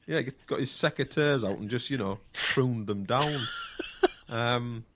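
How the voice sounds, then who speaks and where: A man's voice: mid-range voice, measured pace, very noisy. Rambling man, lots of ums. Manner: rambling, hesitant, lots of ums, crude humour. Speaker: podcast co-host. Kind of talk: casual chat.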